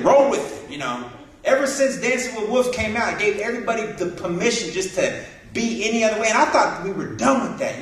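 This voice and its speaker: A man doing a stand-up comedy set, telling stories and acting out the people in them. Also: high-pitched. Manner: animated storytelling, acting out other people's voices. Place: hall with a live audience. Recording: echoey hall from far off, audience laughing.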